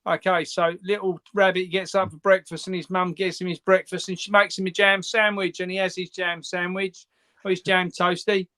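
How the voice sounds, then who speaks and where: A man's voice: sits high, level tone, normal speed, bright, forceful tone. A man from Suffolk, a farmer guesting on a chat show, telling jokes in a matter-of-fact way. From Suffolk, England. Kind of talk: casual chat, telling a joke.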